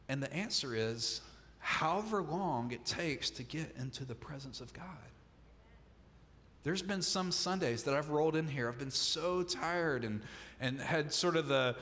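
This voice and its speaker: A man's voice: a little high, normal speed, fairly bright tone. Preaching man in a reverberant sanctuary. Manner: conversational preaching with humorous asides. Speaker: pastor. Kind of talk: sermon. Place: church sanctuary.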